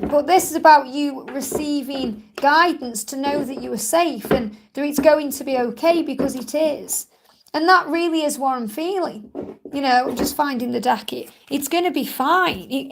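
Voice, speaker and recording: A woman's voice: sits high, vocal fry, noisy background. A woman giving reassuring psychic card readings on a live-stream Q&A, speaking in a soothing, repetitive way. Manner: soothing, reassuring, repeats herself. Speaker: psychic reader.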